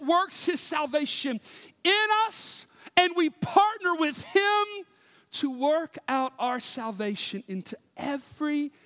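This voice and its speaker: Male pastor, sermon, high voice, slow delivery, shouts and whispers. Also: big-room sound. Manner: impassioned, swinging from shouts to hushed whispers.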